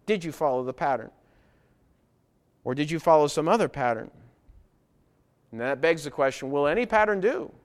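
A man preaching a sermon in a church, earnest and emphatic, hammering home key phrases through repetition. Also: a little high. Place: church with baptistry.

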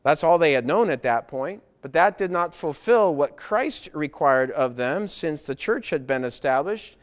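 A man delivers a sermon from a church pulpit, his voice sitting a little on the high side. He is earnest and emphatic, driving his points home by repeating them. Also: expressive, measured pace. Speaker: preacher. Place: church with baptistry.

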